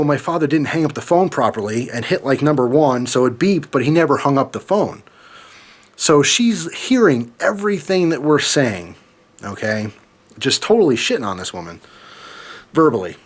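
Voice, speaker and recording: A young man talks straight to his audience in a loose storytime vlog. His voice sits at an ordinary middle pitch, and he rambles, swears freely and keeps restarting his sentences. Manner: rambling, profane, with frequent fillers and restarts. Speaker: vlogger. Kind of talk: casual storytime monologue.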